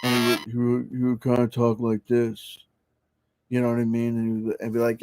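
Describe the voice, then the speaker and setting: Laughing as he goes, a New Jersey man on a livestream works through a meandering, foul-mouthed story packed with fillers and restarts. His voice is mid-range and level, at a moderate pace, with background noise in the recording.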